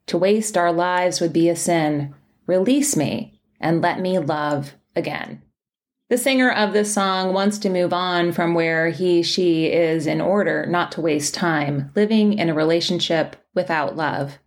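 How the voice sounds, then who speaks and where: Female podcast host, lowish gravelly voice, reads a reflective sermon with a gentle storyteller's pacing. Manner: gentle storytelling with measured phrasing. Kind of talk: scripted reflective sermon narration.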